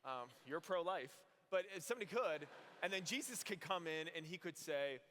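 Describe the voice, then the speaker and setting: A young adult man, a priest from Arizona, telling funny stories in a homily and acting out the voices. His voice sits a little high and comes across bright and forceful. The sound has the long reverb of a large hall. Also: normal speed. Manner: animated storytelling, acts out voices. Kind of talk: youth conference homily.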